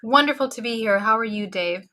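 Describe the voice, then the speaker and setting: A woman's voice: a little high, brisk, sharp tone. A woman appearing as a guest on a talk show about spirituality, chatting in a bubbly, effusive way. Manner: bubbly and effusive, laughs often. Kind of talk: upbeat interview chat.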